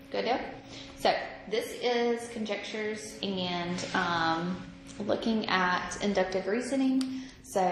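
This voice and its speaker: Woman, math teacher, slow and patient, echoey noisy room recording. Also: mid-range voice. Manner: slow, patient, thinking aloud. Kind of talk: recorded classroom lesson.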